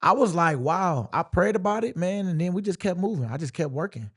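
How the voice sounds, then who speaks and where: A male football player as an interview guest, telling his story in a relaxed, reflective, drawling way and acting out his own thoughts as he goes. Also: high-pitched, fast talker, husky. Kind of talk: casual sit-down interview.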